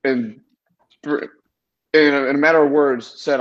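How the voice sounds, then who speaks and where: A man's voice: mid-range voice, fairly even intonation, unhurried. A young man from Ohio, co-hosting a podcast, telling a story in casual chat with plenty of swearing and teasing. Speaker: podcast co-host. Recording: dull lo-fi sound.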